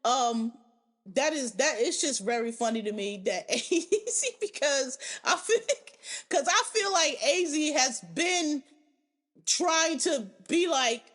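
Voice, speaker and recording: A woman hosting a podcast, giving animated, profane, opinionated commentary in casual chat. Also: high-pitched, slow pace. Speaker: podcast host.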